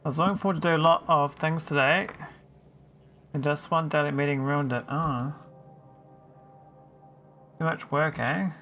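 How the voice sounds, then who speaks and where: A man's voice: on the high side, steady tone, normal speed, pauses often, sharp tone, a little hiss or hum. A man streaming a game, chatting casually and teasing his viewers while he thinks aloud. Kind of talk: casual live-stream chat while playing.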